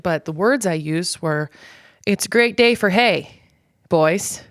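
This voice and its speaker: A woman's voice: deep voice, dry recording, studio quality. Profane, unfiltered Canadian woman host. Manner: casual, rambling with many fillers. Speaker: podcast host. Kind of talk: solo podcast monologue.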